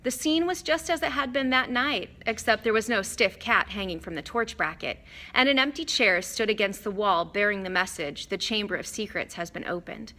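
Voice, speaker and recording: A woman narrating an audiobook in a measured, expressive storytelling manner. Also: a little high. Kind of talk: scripted narration.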